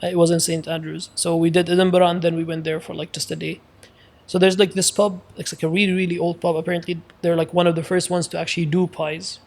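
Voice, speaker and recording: Podcast co-host, man, fairly high voice, animated storyteller. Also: quick pace, gravelly. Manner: animated storyteller, filler-heavy. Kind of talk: casual chat.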